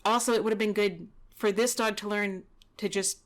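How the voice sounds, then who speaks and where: Woman, dog trainer, mid pitch, relaxed conversational commentary over footage. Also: normal speed. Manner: relaxed, chatty, explaining with frequent "you know" and "kinda".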